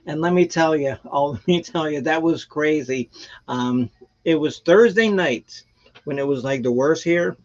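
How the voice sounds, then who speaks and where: A man hosting a live stream, talking in a rambling, animated way and laughing often. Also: on the high side, unhurried, muffled recording. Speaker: host of a live music stream. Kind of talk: casual chat.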